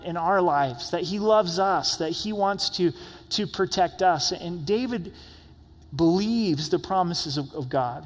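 The pastor, a young adult man with a high-pitched voice, sounds like he's in a big room as he preaches at church. His sermon is earnest and conversational, with frequent word repetition.

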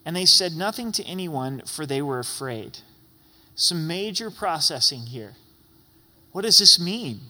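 A middle-aged man preaching a sermon as a pastor, earnest and sometimes breaking into sudden loud exclamations. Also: on the high side, lively intonation, unhurried. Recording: long hall reverb.

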